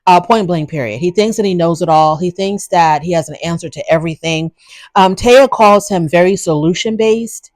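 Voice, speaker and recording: A woman's voice: lowish voice, normal speed, a little mellow, no echo. A woman hosting a casual recap show, giving frank, opinionated commentary in a chatty way. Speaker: reality show recap host.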